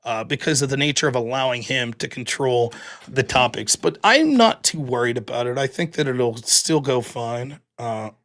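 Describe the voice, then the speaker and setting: A man's voice: mid-range voice, moderate pace, a bit bright. A man hosting his own live stream, talking casually to his audience in a blunt, rambling way with some mild profanity. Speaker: livestream show host.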